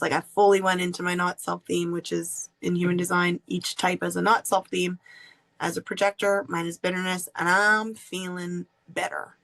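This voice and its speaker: A woman hosting a podcast, candidly telling a personal story in an animated way and laughing often. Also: fairly low pitch, normal speed, vocal fry, rough recording. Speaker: podcast host.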